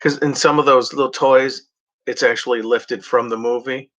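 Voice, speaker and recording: A man talking casually as a show host, halting with many fillers and restarts. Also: mid-range voice, steady tone, pushed and bright. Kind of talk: casual rambling chat.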